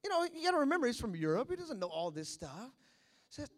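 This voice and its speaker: A man with a notably high, light voice, telling a story from the pulpit. His delivery is animated and repetitive, and he keeps slipping into the voices of his characters. It sounds like a casual sermon given to a congregation in California. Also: quick pace. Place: California church.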